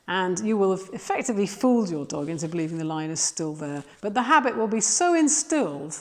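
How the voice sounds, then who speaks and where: In an instructional video filmed outdoors, a woman dog trainer gives practical, matter-of-fact guidance, turning bright and gushing when she praises the dog. Her voice is fairly low and sounds as though it's in a large hall.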